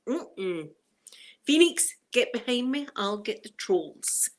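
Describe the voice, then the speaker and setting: A woman's voice: fairly high pitch, big pitch swings, slow pace. A middle-aged Scottish woman hosting a casual live chat, emotional and fighting back tears as she greets viewers by name. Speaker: livestream host.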